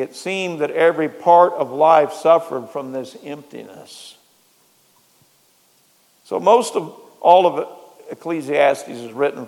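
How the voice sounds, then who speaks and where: Man preaching in a reverberant hall. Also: sits high. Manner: repeats phrases for emphasis, swings between soft and loud. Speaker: pastor. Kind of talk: sermon. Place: church sanctuary.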